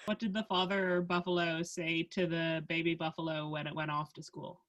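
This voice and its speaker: A woman's voice: low-pitched, level tone, moderate pace, fairly bright tone. Giggly rambling woman podcast co-host. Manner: giggly, rambling storyteller with lots of restarts. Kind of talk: casual chat.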